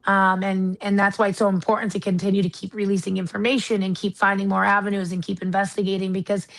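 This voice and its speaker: A woman's voice: medium pitch, level tone, fast talker, creaky, a bit bright, poor audio. A woman from the United States, a retired marshal and paranormal investigator, speaking earnestly and candidly as an interview guest. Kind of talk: casual interview talk.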